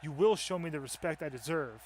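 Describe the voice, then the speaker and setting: A man voicing an arrogant young pro wrestler, reading a boastful, taunting promo in a loud voice. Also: a little high, a little fast, slight background noise, close to an everyday voice. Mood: mocking. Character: cocky young male wrestler, arrogant upstart.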